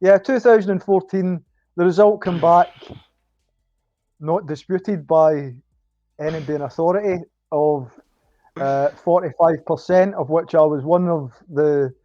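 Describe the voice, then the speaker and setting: A Scottish man talking as a podcast guest, his voice dark and mellow. He speaks haltingly, with ums and false starts. The audio is dull and lo-fi, with a dry sound. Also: fairly high pitch, dry recording. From Scotland. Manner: halting, many ums and restarts. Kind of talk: casual chat.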